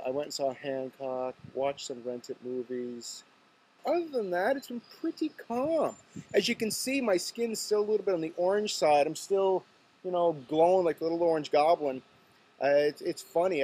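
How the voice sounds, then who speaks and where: Husky-voiced man chatting to camera. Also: on the high side. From Nova Scotia, Canada. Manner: chatty, joking, animated storytelling. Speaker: vlog host. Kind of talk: casual talk to camera.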